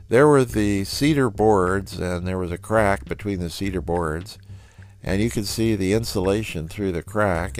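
Male storyteller, low and gravelly, conversational, acts out the dialogue. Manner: relaxed, conversational with quoted dialogue. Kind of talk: personal storytelling.

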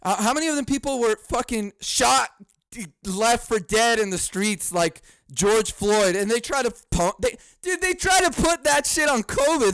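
Fast-swinging, profane podcast host man. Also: dry recording. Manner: profane, animated, laughing, swinging between mock outrage and low muttering. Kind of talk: casual solo podcast rant.

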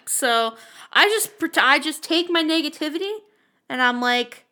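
A woman's voice: high voice, expressive, measured pace, bright, forceful tone. A woman co-hosting a podcast in casual comedic chat, self-deprecating and laughing often, close to the microphone. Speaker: podcast co-host.

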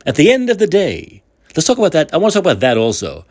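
Guy doing a solo talk show rant, heated and repetitive, up and down pitch, kinda raspy. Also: huge pitch swings, fast, darkish tone. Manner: heated, indignant ranting with repeated phrases. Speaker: podcast host. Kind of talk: solo political commentary.

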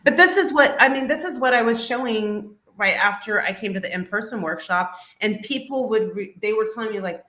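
A woman's voice: a little high, expressive, a little fast, hardly any pauses, fairly bright tone. Brief: woman student on a call, bubbly and laughing, roomy audio. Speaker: photography student.

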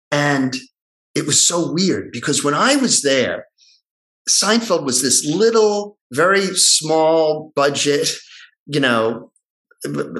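A middle-aged man in casual conversation, telling a story in an animated way and acting out the voices of the people in it. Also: on the high side, low-quality recording. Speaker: guest actor telling a story.

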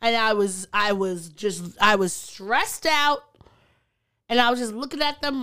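Young woman podcast co-host, casual chatty delivery, high and clean voice. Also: measured pace, pushed and bright, smooth. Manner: chatty, laughs often. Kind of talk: casual chat.

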